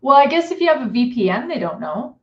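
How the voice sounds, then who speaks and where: A woman's voice: sits high, big pitch swings, quick pace. A middle-aged woman from Canada, explaining things casually as a guest co-host on a livestream chat, with many fillers. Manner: chatty, filler-heavy explaining. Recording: echoey, dull remote audio.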